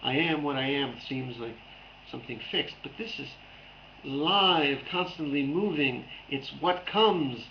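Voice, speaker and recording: A man's voice: fairly high pitch, unhurried, vocal fry, dull audio, slight background noise. A man giving a playful dharma talk as a Zen teacher, repeating phrases back and forth.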